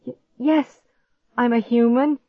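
A woman's voice: very high voice, slow pace, dry recording, voice pushed up. A woman reading a storybook and voicing a scared young girl who cries out and stammers. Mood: stammering. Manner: stammering, crying out. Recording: dull muffled audiobook recording.

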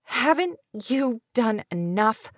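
A woman's voice: medium pitch, moderate pace, no room sound, natural voice. Woman doing a young teacher, tearful, sobbing, raised voice, dry close sound, audiobook. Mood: upset, tearful. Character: frustrated young woman, schoolteacher, on the verge of tears.

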